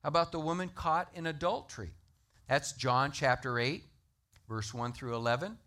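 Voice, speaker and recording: A man preaching a sermon, emphatic and animated, citing scripture references to the congregation. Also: a little high, moderate pace. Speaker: pastor.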